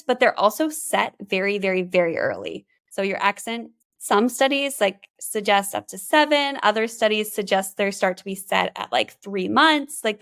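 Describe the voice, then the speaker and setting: A Canadian woman who specializes in bilingualism chats as a guest in a casual interview, her voice medium-pitched and a bit bright. She uses lots of "like" fillers and often restarts her sentences.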